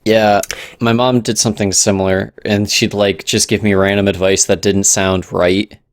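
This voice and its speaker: Casting: young male co-host, low-voiced, blunt, animated delivery. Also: normal speed, dry recording, studio quality. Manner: blunt, animated, with shouted gamer impressions. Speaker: podcast co-host. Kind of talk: casual chat.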